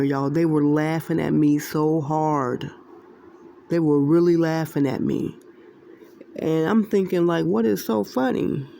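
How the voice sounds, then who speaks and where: A woman's voice: sits low, creaky, dark tone, a little hiss or hum. A woman casually sharing a spiritual dream with her viewers, rambling, repeating herself and laughing often. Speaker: Christian video creator sharing dreams.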